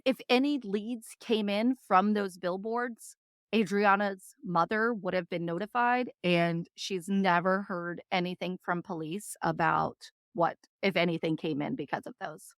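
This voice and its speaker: Woman, true crime podcast co-host, reads cases and chats, mid pitch, dry close mic. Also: a little slow, dry recording. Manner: reads case notes, then chats with emphatic agreement.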